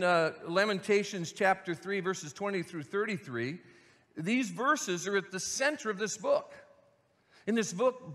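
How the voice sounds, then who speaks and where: Man, senior pastor, sermon, earnest scripture reading, high bright voice. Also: big-room sound. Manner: earnest, reads scripture with rising intensity.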